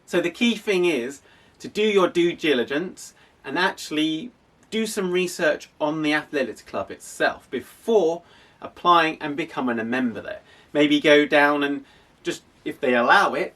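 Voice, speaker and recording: Athletics coach, casual explainer, fairly high voice, a bit off-mic. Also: male voice, fairly bright tone, far from the mic. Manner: conversational, with frequent restarts. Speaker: athletics club coach and host.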